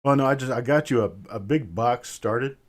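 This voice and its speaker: A man's voice: medium pitch, normal speed. A middle-aged man runs a live coin auction stream and keeps up easy, casual chatter with his viewers. He reads out names from the chat and answers each one directly, calling them brother. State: a bit winded.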